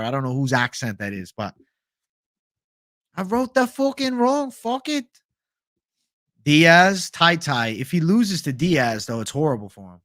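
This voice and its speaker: A young man hosts a livestream, chatting casually, swearing freely, and reading viewer comments aloud as he answers them. His voice is mid-range with a fairly bright tone, recorded dry at studio quality.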